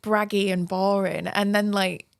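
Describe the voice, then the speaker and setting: A woman's voice: medium pitch, level tone, unhurried, vocal fry, clean tone, dry recording, clean studio sound. A woman co-hosting a casual podcast, hesitant and full of fillers as she gathers her thoughts. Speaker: podcast co-host.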